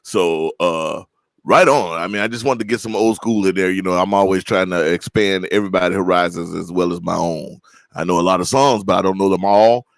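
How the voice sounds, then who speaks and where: A man with a low, creaky, fairly quick voice and an East Texas Southern accent hosts a livestream, chatting casually and spinning folksy, rambling stories. The recording is low quality but has no echo.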